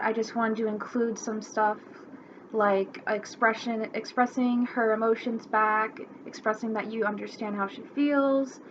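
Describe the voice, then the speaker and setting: A young woman reads a fairy tale for a class presentation, sounding friendly and taking her time. Her voice sits a little high, and the recording is slightly muffled with faint hiss.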